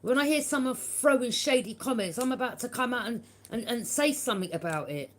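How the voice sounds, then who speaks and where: A woman with a higher-than-average voice, lively intonation, and a slightly quick delivery gives a collective tarot reading. Her style is frank and forthright, full of swearing and frequent "yeah?" tag questions.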